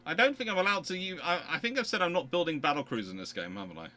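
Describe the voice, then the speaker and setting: Lively streamer, sharp bright tone, talks himself through a strategy game, exasperated asides. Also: male voice, fairly high pitch, rapid-fire. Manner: thinks aloud, exasperated and mock-outraged. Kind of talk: live gameplay commentary. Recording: faint background music.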